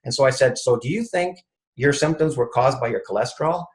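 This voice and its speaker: A man's voice: medium pitch, a little fast, poor audio. A man, a chiropractor guest in an interview, telling an anecdote and acting out what each person said. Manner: retells conversations, acting out the quoted speech.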